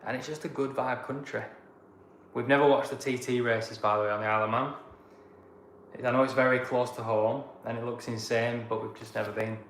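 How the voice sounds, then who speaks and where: A man with a Lancashire accent reads viewer comments aloud and rambles through his answers in an easygoing way. His voice sits at a middling pitch. The room echoes around him, with a faint noise underneath. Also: steady tone, brisk, a bit bright. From Blackburn, England. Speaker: travel vlogger reading viewer comments. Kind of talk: casual live-chat Q&A.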